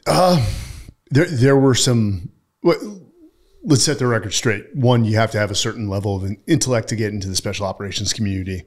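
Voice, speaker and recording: A man's voice: fairly low pitch, a little fast, a little mellow. A man from San Francisco, a podcast guest, talking casually in a blunt, joking way. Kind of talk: casual conversation.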